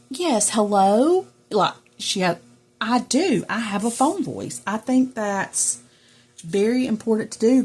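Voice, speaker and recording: A middle-aged woman with a Southern US drawl talks to her viewers in a loose, rambling way as she crafts. Her voice is gravelly and a little husky, and she takes her time. She wanders off topic and back again. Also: medium pitch, a little mellow. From Southern United States. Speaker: journaling vlogger. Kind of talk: casual chat while crafting.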